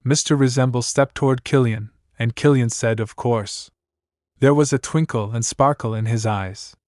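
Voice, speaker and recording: A man narrating a comic recap in an even, steady storytelling manner. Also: medium pitch, normal speed, no echo, clean studio sound. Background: faint background music.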